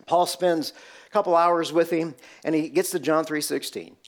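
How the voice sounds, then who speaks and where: Storytelling preacher, man with a fairly high voice. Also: fairly even intonation, moderate pace. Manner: storytelling preacher, asks rhetorical questions. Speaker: pastor. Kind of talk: sermon.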